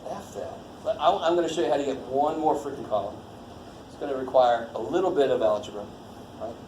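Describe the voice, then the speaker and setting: A man's voice: mid-range voice, a little fast, darkish tone. A man teaching a college math class in a casual, jokey way, swearing lightly and quizzing the students as he goes. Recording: echoey classroom with faint noise.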